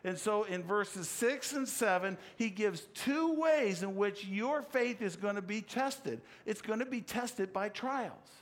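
A man's voice: high voice, measured pace, hardly any pauses. A man preaching a sermon, explaining scripture in an earnest way and telling a personal story against himself. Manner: earnest, explanatory, with self-deprecating anecdote. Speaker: pastor.

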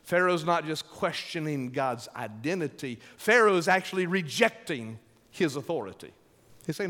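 A male pastor preaching a sermon with emphatic, drawn-out delivery, calling for responses from the congregation. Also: a little high, expressive, fairly bright tone. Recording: long hall reverb.

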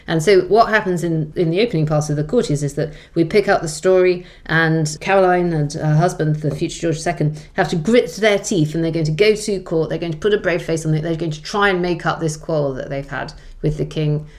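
Low-voiced woman telling history vividly. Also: fairly quick, few pauses, darkish tone. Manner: vivid, emphatic storytelling with sudden pitch jumps. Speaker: historian and author, interview guest. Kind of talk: conversational storytelling in an interview.

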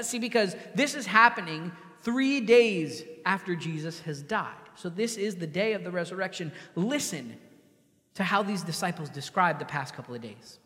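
A man's voice: high-pitched, bright, forceful tone, in a large hall. A man preaching a sermon in a conversational way, acting out the voices of the people he quotes. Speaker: pastor.

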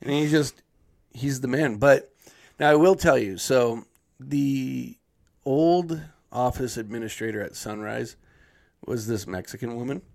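Gravelly man telling a story. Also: medium pitch, unhurried. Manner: animated, acts out other people's lines in a put-on voice. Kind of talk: casual storytelling chat.

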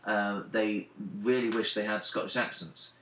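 A man's voice: lowish voice, fairly even intonation, moderate pace, a bit bright, distant mic, slight background noise. A man co-hosting a casual podcast chat, enthusiastic and full of fillers. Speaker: podcast co-host. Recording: roomy, off-mic sound.

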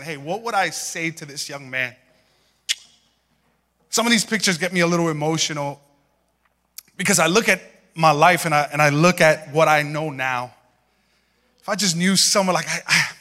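A young man preaching a sermon, telling stories in an animated way and acting out voices. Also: high voice. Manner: animated storytelling, acts out voices and laughs. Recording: hall reverb.

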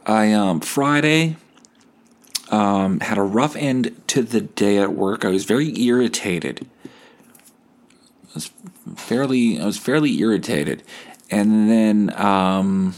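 This is a young podcast host from Canada, nursing a hangover as he rambles alone on mic with plenty of swearing and sarcasm. He speaks slowly in a lowish voice, leaving long pauses.

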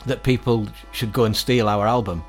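Lively middle-aged Northern English man telling stories. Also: lowish voice, moderate pace, faint music behind. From England. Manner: animated, quotes others in acted-out voices, laughs often. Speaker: guest musician. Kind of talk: casual storytelling interview.

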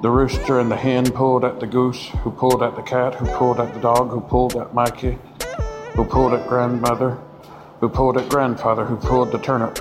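A man reads a children's tale in a hushed, whispered role-play manner. His voice sits in a middle register, and clear music plays under him the whole time. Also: medium pitch, level tone, brisk, poor audio. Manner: soft storybook reading with silly refrains. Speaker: storyteller. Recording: music playing behind.

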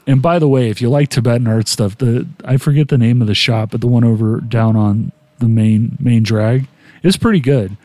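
A man's voice: medium pitch, moderate pace, warm tone, no echo. A man hosting a podcast, telling a long, rambling story in casual chat. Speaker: podcast host.

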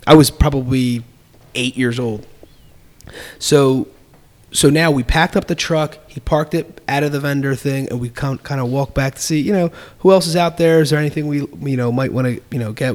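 A middle-aged man telling a personal story in casual conversation, animated and laughing as he acts out quoted voices. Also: mid-range voice.

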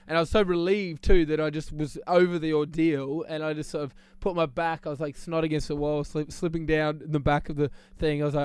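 A man's voice: on the high side, flat delivery, fairly quick, few pauses, darkish tone, clean tone, dry recording. Laughing rambling man, podcast co-host. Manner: rambling storytelling with many restarts and laughs. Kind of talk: casual chat.

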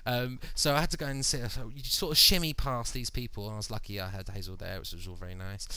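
A man's voice: lowish voice, steady tone, quick pace, sharp tone, clean tone, no room sound. A man hosting a podcast, telling a long story casually with many fillers and acted-out quotes. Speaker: podcast host. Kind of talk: casual chat.

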